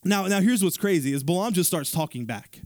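A male pastor with a fairly high voice, preaching in an animated, conversational way. He retells the story loosely and throws in asides to the church. The sound is dry and close. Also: brisk, dry recording. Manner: animated storytelling preacher, paraphrasing casually with fillers. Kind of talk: sermon.

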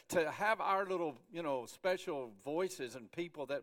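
A middle-aged male pastor with a fairly high voice delivers a lively sermon. He throws himself into quoted voices, stumbling over restarts and repeating words as he goes. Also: a little slow, hardly any pauses. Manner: animated, acts out quoted voices with many restarts.

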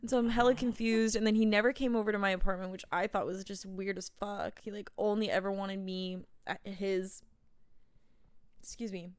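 A woman's voice: medium pitch, steady tone, moderate pace, clear, resonant tone, no echo, clean studio sound. A woman co-hosting a podcast in casual chat, telling stories animatedly, swearing freely and laughing often. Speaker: podcast co-host.

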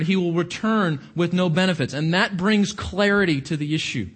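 A man's voice: fairly high pitch, a little fast, hardly any pauses. A man preaching a sermon, questioning his congregation and stressing his points. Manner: questioning the audience, emphatic.

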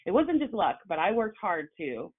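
A woman, an actress and journalist, telling her story as a guest in a casual conversation, animated and full of fillers. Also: lowish voice, normal speed, breathy edge. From Oklahoma. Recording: phone-like narrow sound.

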